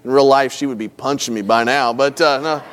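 A middle-aged man preaching a sermon, telling a story about himself and acting out both sides of the dialogue in an animated way. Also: medium pitch, brisk. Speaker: pastor. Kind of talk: sermon with acted illustrations.

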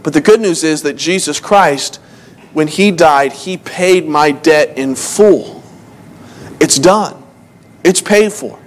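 Pastor, male, higher voice, relaxed storytelling sermon, self-deprecating, restarts lines, reads scripture in old-fashioned wording. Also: takes it slowly. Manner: storytelling, restarts phrases, self-mocking asides. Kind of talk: conversational sermon.

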